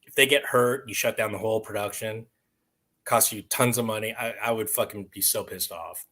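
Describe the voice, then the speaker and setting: A man talking casually to camera during an unboxing, rambling and swearing, with loud bursts of excitement, recorded at home on a camera mic. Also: on the low side, moderate pace, low-quality recording. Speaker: vlogger. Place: someone else's home. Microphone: external mic on camera.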